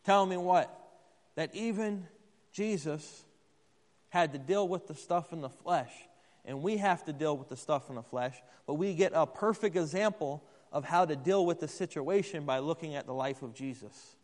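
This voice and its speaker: Man, preacher, high voice, sermon, asks the congregation questions, echoing church hall. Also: normal speed, darkish tone. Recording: long hall reverb.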